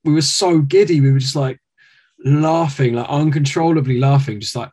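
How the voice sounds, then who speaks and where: A British man telling stories as an interview guest, rambling and animated, with many fillers and restarts. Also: fairly high pitch, normal speed, husky. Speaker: guest musician. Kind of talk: casual interview.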